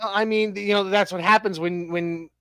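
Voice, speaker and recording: A man's voice: high voice, steady tone, moderate pace, a bit bright, clean tone, dry recording, poor audio. A man in his thirties co-hosting a casual sports talk show, rambling with many restarts and fillers and cracking jokes. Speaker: podcast co-host.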